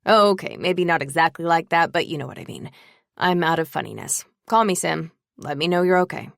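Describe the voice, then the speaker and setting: A teasing young man full of sarcasm and mock drama, as a woman reader puts him on. He pitches up and pushes forward, with a faint gravelly edge. The sound sits close and dry. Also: expressive, brisk, no echo. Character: sarcastic, playful young male best friend.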